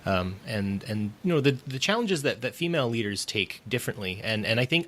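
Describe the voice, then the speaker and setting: A man hosting a podcast in casual chat, pausing often with ums and uhs. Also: fairly low pitch, fairly bright tone, a little hiss or hum. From Canada. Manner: hesitant, heavy on fillers. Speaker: podcast host.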